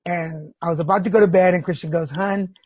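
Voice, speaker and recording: Middle-aged guy hosting a podcast, husky voice, talks candid and emotional, swears a lot. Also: a little high, steady tone, quick pace, a little mellow, no room sound, highs cut off. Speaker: podcast host. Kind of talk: casual chat.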